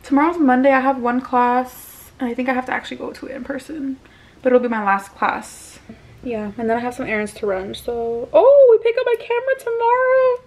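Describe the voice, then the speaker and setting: Young woman, casual vlog chat, slangy and loose with swearing, slightly high voice, handheld camera. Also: steady tone, a little fast, roomy sound, a little hiss or hum, poor audio. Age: 20s. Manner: loose, slangy, swearing freely, talks to viewers as y'all. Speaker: vlogger. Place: at home and around a college campus.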